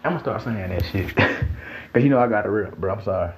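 A young man from Mississippi with a Southern accent, telling a profane, animated story in a casual storytime vlog. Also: lowish voice, fairly quick. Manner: profane, animated, laughing, repeats himself. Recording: echoey room, dull audio, faint hiss.

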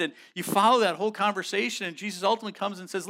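Man, pastor, sermon, fairly high voice, casual slang, emphatic delivery. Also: fairly even intonation, very fast, few pauses, fairly bright tone. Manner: frequent restarts and repeated words.

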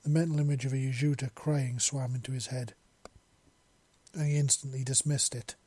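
Husky man reading a story. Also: medium pitch, moderate pace. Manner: steady reading with small slips and restarts. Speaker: narrator. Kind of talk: amateur fiction reading.

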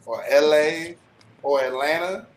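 A man's voice: fairly high pitch, unhurried, a little hiss or hum, low-quality recording. A man who is a guest on a casual podcast, teasing playfully and often laughing while he talks. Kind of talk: casual chat.

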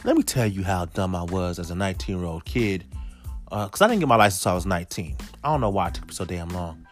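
Man, thirties, casual storytelling, animated, rhetorical questions, loose cursing, faint music behind. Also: deep voice, fast. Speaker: storyteller addressing viewers.

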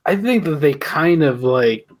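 A man co-hosting a casual podcast, agreeable and a bit halting as he joins the chat. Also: a little high, animated. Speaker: podcast co-host.

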